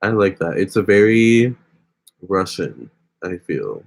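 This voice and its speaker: A man's voice: low voice, very animated, slow, creaky. A young man hosting a casual phone livestream, chatting with viewers and reading their comments aloud. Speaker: livestream host.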